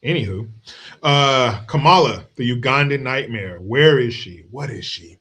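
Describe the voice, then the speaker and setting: A male podcast host with an ordinary mid-pitched voice delivers political commentary. He is blunt and mocking, and he swears freely as he rants. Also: expressive, a little slow, a bit bright, husky.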